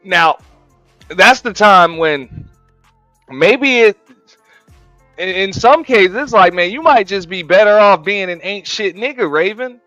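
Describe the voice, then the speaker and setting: A man's voice: high-pitched, lively intonation, takes it slowly, long pauses, pushed and bright, dry recording, soft background music, rough recording. A man hosting a casual reaction show, talking in a laid-back, profane way, laughing and repeating himself. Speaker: show host reacting to clips.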